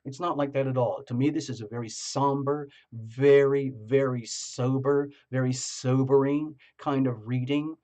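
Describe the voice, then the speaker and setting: A man's voice: mid-range voice, fairly even intonation, moderate pace, hardly any pauses, mellow. A man giving a casual tarot reading, meandering along and repeating words for emphasis. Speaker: tarot reader.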